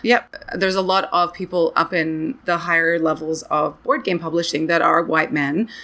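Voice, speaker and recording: A young woman with a somewhat low voice chats casually as a podcast co-host. She talks animatedly, scatters "like" through her sentences, and her pitch jumps up when she gets excited. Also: normal speed. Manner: animated, chatty, many "like" fillers. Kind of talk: casual chat.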